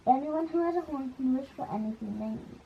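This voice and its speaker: A woman narrating a fairy tale for a puppet show, reading haltingly and restarting words. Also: sits high, highs cut off, background noise. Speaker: storyteller.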